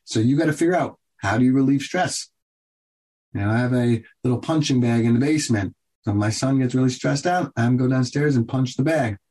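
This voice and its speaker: A man hosting a radio health show as a doctor, giving advice in an earnest, repetitive coaching tone with quick bursts. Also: mid-range voice, darkish tone.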